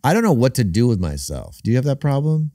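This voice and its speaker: A man talking casually as a podcast guest, halting and restarting a lot, sometimes slipping into funny voices. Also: mid-range voice, very animated, warm tone, no room sound, clean studio sound. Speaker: comedian guest.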